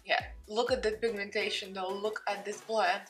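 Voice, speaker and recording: A woman's voice: mid-range voice, little pitch movement, normal speed, a bit bright, soft background music. A young adult woman with a Russian accent, chatting casually through a makeup tutorial and talking to her cat along the way. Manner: chatty, talks to her cat between steps. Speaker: beauty vlogger.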